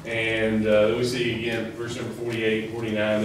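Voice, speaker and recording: Brief: man, low-ish voice, rambling sermon preacher, heard from a distance in a very echoey church. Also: monotone, moderate pace, hardly any pauses, a little hiss or hum. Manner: conversational, rambling with many fillers. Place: church sanctuary. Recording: echoey hall, mic at a distance.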